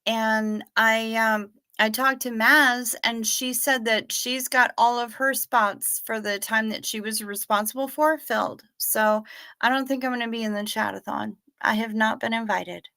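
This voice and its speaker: Woman livestream host, bright tense tone, slow easy delivery, swears freely, gushes over her viewers. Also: fairly high pitch, fairly even intonation. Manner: profane, effusive, greets viewers by name. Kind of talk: casual livestream chat reading viewer comments.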